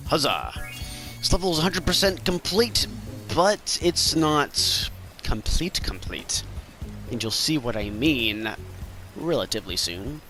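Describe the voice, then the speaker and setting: This Maine gameplay commentator, his voice on the low side with a sharp edge, keeps up casual, joking banter while he plays. He talks straight to the characters on screen.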